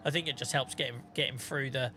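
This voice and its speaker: A man's voice: mid-range voice, steady tone, quick pace, sharp tone, a little hiss or hum. A man live-streaming a farming game, chatting casually, swearing, and thanking viewers by name.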